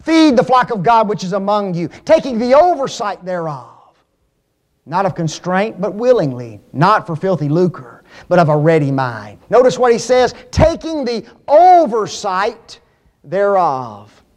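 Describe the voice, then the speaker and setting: A man preaching a sermon, stressing key words slowly and asking the congregation questions. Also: sits high, big pitch swings.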